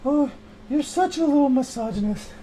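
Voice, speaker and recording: A man voicing a fretful grown-up who complains about the modern world in a shrill, whiny voice, in an improvised comedy scene. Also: expressive, moderate pace, mellow, slight background noise, poor audio. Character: fretful grown-up longing for simpler times.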